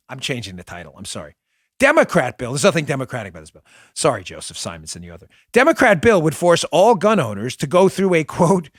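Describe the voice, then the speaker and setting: A man's voice: sits high, no room sound, studio quality. A man hosting a political talk show, giving emphatic, sarcastic commentary and urging listeners to act.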